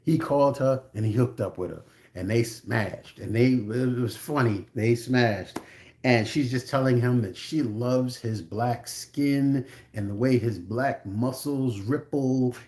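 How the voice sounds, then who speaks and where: A man's voice: mid-range voice, a little mellow. Brief: conversational man retelling a film, frank asides, everyday middle voice. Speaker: film reviewer. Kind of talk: casual plot recap.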